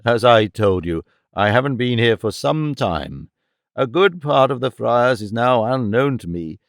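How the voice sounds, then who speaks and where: Man voicing a mild clergyman, calm, slow, measured, dry close sound. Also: medium pitch, vocal fry, no echo.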